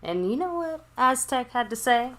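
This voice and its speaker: A woman's voice: sits high, very animated, moderate pace, a bit bright. A woman co-hosting a live fan stream, reading viewer messages aloud and thanking supporters in a casual tone. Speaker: co-host reading chat messages.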